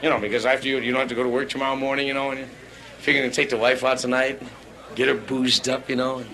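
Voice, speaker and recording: Brash male club comic, quick patter, higher voice, live room with crowd laughing. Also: level tone, sharp tone, rough recording. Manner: brash, rambling, crude banter with the crowd. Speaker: stand-up comedian. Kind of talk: nightclub stand-up routine. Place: nightclub before a live audience. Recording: live club recording with audience. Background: audience laughter.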